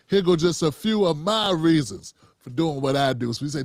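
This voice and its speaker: A man's voice: on the high side, expressive, moderate pace, few pauses, no echo, clean studio sound. A middle-aged man hosts a casual livestream commentary show in a loose, conversational way, calling his viewers fam.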